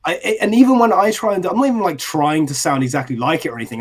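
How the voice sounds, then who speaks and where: A British man co-hosting a podcast, talking in crude, animated banter, swearing constantly and laughing often. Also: high-pitched, fast talker, few pauses. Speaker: podcast co-host.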